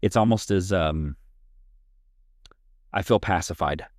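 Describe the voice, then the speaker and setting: A deep-voiced man co-hosts a family counseling talk show, speaking slowly and thoughtfully. He explains communication tools using everyday examples, reflecting and thinking aloud in a conversational podcast discussion. The studio-quality recording has no echo.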